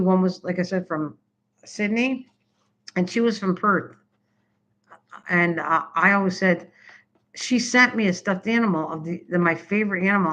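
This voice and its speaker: An older woman from Canada hosts a homey craft live stream, talking in a loose, rambling way as she reacts to viewers' messages. Her voice is bright and forward. The sound is dull and lo-fi, like a basic home setup. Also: on the low side. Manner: rambling, chatty, answers typed comments.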